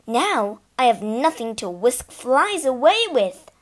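A sullen young mare tells her sad story in a storybook, voiced by a woman. She speaks slowly and bitterly, her pitch rising and falling widely. The voice sits fairly high. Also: very animated, heavily acted. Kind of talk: storybook reading.

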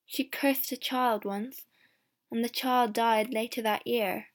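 A ragged, hot-tempered young woman , as a woman reader puts her on, answers in a fairly high voice that climbs when pushed. She talks defiantly and never backs down. This is a storybook reading. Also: fairly even intonation, slow.

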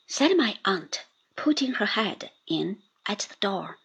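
Woman audiobook narrator, breathy and lilting, slow near-whispered reading. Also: mid-range voice, big pitch swings, a bit bright. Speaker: audiobook reader. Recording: dull lo-fi recording.

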